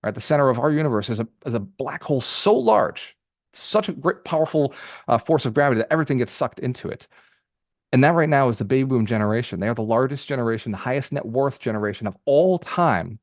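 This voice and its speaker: A man hosting a group call as a real estate mentor, giving an energetic motivational talk with rapid, repeated phrases. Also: mid-range voice, dry recording, clean studio sound.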